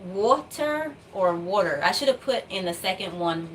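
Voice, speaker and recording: A woman's voice: medium pitch, animated, moderate pace, a little hiss or hum. A woman vlogger from the United States chatting casually to her viewers, rambling with lots of fillers and little laughs. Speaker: doll customizing vlogger.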